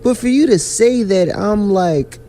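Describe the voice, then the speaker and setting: A man's voice: high-pitched, unhurried, soft background music. Ranting man on a podcast. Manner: animated, ranting, heavy slang. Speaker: podcast host. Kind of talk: casual chat.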